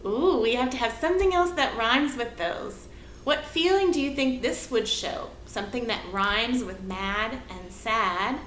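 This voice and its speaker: A woman teaching a movement lesson for young children, prompting them with slow, sing-song questions, recorded on a camera mic across a room. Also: a little high, a bit bright. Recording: echoey room, faint background hiss.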